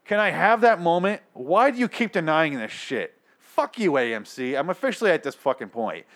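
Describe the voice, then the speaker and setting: A man's voice: fairly high pitch, sing-song, normal speed, fairly bright tone. A man hosting his own show, reviewing a TV episode in an angry, sarcastic rant full of swearing. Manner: heavy swearing, exasperated and sarcastic.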